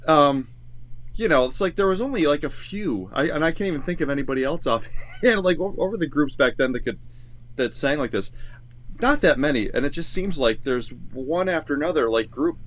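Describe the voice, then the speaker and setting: A man's voice: on the high side, lively intonation, fairly quick, a bit bright. A man co-hosting a casual music reaction show as songwriter, talking in loose, rambling sentences full of filler words. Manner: rambling, full of "like" and "you know". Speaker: songwriter and co-host.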